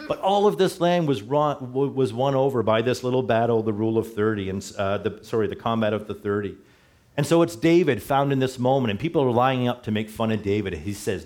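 A man's voice: mid-range voice, brisk, darkish tone. A middle-aged man preaching a sermon in a church, talking conversationally and correcting himself as he goes. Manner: conversational, self-correcting, chuckles at slips. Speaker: pastor.

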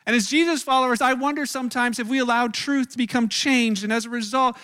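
A man preaching a sermon to a church room, telling the story in an animated way and acting out the voices of the people in it. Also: very high-pitched, fast talker, clean tone. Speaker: pastor.

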